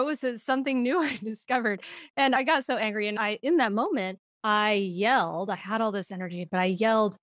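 A woman's voice: a little high, a bit bright, no echo, clean studio sound. A woman talking about parenting as a podcast guest. She tells stories with animation and laughs often. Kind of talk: podcast conversation.

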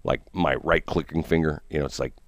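A man hosting a morning radio show, joking and rambling in casual banter with halting repeats. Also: extremely low pitch, steady tone, dry recording, studio quality. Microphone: studio mic.

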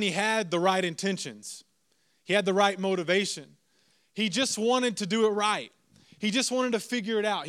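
A man in his thirties preaches a sermon, moving between prayer and lively storytelling aimed at the pews. His voice is smooth and ringing, and it sits a little high for a man. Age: 30s. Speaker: pastor.

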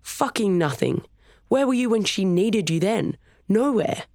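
A narrator voicing a hotheaded young man yelling and swearing at a rival in an audiobook. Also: medium pitch, animated, a little slow, creaky, no room sound, clean studio sound, pitched above the performer's own voice. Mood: furious.

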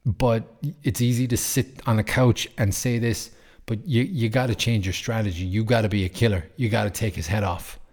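A man's voice: on the low side, fairly even intonation, normal speed, a little mellow. A man hosting a podcast, talking casually and bluntly, with plenty of swearing and rants. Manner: blunt, profane, ranting. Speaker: podcast host. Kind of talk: casual opinion chat.

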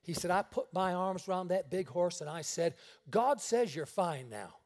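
High-voiced animated male preacher. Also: normal speed, creaky. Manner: animated storyteller acting out dialogue. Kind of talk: sermon storytelling. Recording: radio broadcast sermon.

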